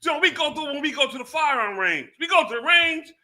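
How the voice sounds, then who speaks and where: A man on a live stream panel telling a personal story in a casual, animated way, laughing and acting out what people said. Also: very high voice, a little fast. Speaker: panel guest.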